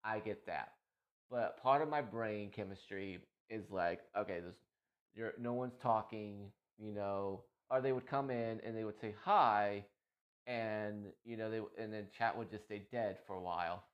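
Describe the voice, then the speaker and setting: Emotional rambling man, low voice. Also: normal speed, lo-fi sound. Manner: emotional, rambling, many restarts. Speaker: streamer and podcast host. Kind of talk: casual monologue.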